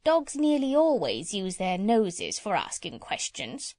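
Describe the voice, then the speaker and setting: A woman's voice: huge pitch swings, a little mellow, no echo, studio quality. Polynesia, a woman doing a bossy clever parrot. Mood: lecturing. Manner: brisk, lecturing, with high squawks. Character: clever bossy female parrot, proud and knowing.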